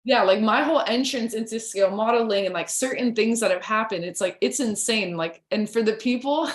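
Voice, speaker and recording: A woman talks as a podcast guest, swept up in her own stories and scattering "like" through every sentence. Her voice sits a little high. The room around her echoes noticeably. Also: moderate pace. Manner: excited storytelling, heavy use of "like". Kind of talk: casual podcast conversation.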